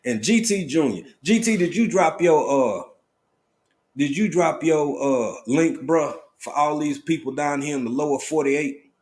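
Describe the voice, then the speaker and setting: A man with a fairly high voice runs a casual stream at a measured pace, his relaxed drawl punctuated by sudden excited bursts as he names and greets viewers.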